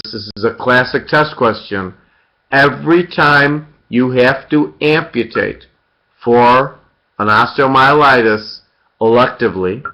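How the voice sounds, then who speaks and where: A man giving an interactive surgery lecture, quizzing students by name and repeating key points. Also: a little high. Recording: dull lo-fi lecture recording.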